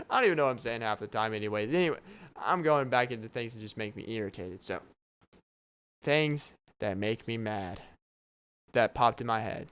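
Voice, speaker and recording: A man's voice: medium pitch, a bit bright, clean tone. A young man hosting a casual solo podcast late at night, rambling, joking and breaking into laughs. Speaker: podcast host. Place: home at night, downstairs apartment.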